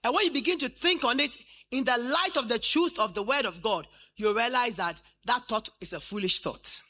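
A woman in her late fifties preaches to a congregation, her voice high and bright. She quotes scripture slowly, then builds to loud, fervent declarations. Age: 50s. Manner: fervent preaching, rising to shouts. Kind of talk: sermon. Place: church.

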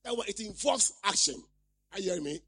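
A man's voice: high-pitched, expressive, fast, bright, forceful tone, husky. A man preaching a sermon, reading scripture aloud and repeatedly asking the congregation questions. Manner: reads scripture aloud and explains it.

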